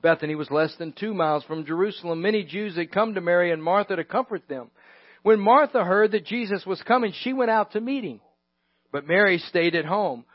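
A high-voiced male preacher delivers a sermon, dropping to a hush and then building to loud emphasis, with chuckles now and then. The sound is dry and close, on a dull, lo-fi recording. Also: brisk, dry recording. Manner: dynamic, swinging from hushed to loud, with chuckles.

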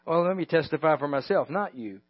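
A high-voiced male preacher delivers a sermon, dropping to a hush and then building to loud emphasis, with chuckles now and then. The sound is dry and close, on a dull, lo-fi recording. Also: animated, brisk, dry recording. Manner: dynamic, swinging from hushed to loud, with chuckles.

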